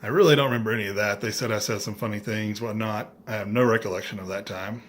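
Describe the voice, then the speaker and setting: A middle-aged man vlogging, telling a story in a casual, animated way with dry, self-mocking humor and acting out other people's lines. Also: fairly low pitch, fast talker, a little hiss or hum.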